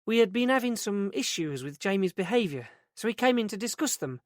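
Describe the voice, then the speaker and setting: A man's voice: high voice, sing-song, brisk, dry recording, clean studio sound, voice pushed up. A man voicing a flustered middle-aged woman who runs a day centre, in a raised, fluttery voice. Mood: brisk. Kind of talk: audiobook character reading.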